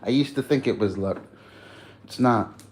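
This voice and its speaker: A man's voice: medium pitch, measured pace, a little mellow. A man chatting loosely on a livestream, rambling in slang and laughing often. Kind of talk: casual livestream chat.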